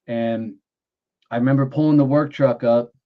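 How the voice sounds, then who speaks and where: A man's voice: medium pitch, moderate pace. A middle-aged man from Texas, a former Marine guest telling stories with salty language and acted-out dialogue. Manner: animated storyteller who acts out dialogue, salty language. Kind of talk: casual storytelling interview. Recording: dull lo-fi sound.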